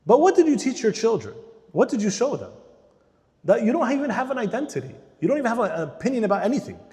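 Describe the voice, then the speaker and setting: A man with a slightly high voice delivers an animated lecture at a church marriage day, acting out everyday scenes and swinging between loud emphasis and quiet asides. His voice carries a long reverb, as if spoken in a large church hall. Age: adult parent.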